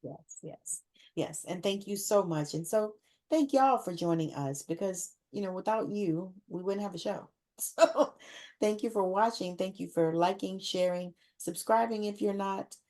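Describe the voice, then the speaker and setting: A woman's voice: medium pitch, a little slow, darkish tone. A woman hosting a podcast, effusive and laughing often, repeating words for emphasis. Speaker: podcast host. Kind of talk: casual interview wrap-up.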